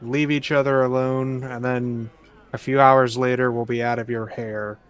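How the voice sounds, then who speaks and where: A man playing in a tabletop game, talking in a calm, even way. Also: mid-range voice, normal speed, clean tone. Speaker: player. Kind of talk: casual tabletop role-play.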